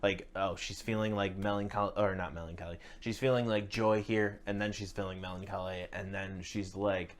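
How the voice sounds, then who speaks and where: A man, a writer and director, speaking in a halting way and often searching for words as he praises an actress in a casual chat. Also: deep voice, steady tone.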